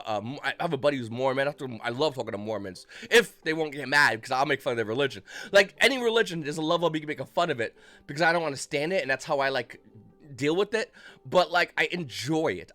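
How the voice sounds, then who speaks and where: A man's voice: mid-range voice, sharp tone. A man in his thirties, hosting a card game channel, rambles and rants casually with lots of swearing and mocking asides. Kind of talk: casual rant to camera.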